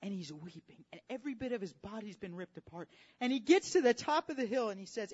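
A preacher delivering a dramatic sermon, repeating phrases for emphasis and swinging from hushed tones to shouts, recorded at a church service. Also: medium pitch, expressive, fast, slightly rough. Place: church service with worship team. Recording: dull lo-fi audio with faint music.

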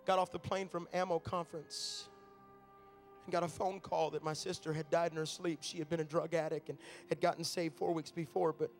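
A man's voice: fairly high pitch, little pitch movement, fairly quick, soft background music. A man, a traveling minister, preaching a sermon from a stage in a large room, telling stories in a conversational way.

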